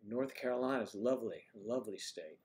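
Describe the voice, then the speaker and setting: A man's voice: mid-range voice, a little fast, a little mellow. A man from the Washington DC area with no marked accent, casually chatting on a livestream, reading viewers' comments and cracking jokes. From Washington DC area, USA. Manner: joking, chatty, teasing the audience. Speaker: livestream host reading chat.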